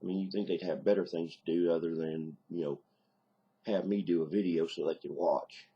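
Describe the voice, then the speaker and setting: A married man with a deep Southern accent, talking bluntly and casually to camera in a home video diary, plainspoken with mild cursing. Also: steady tone, moderate pace, breathy edge, highs cut off. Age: adult, married. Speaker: video diarist.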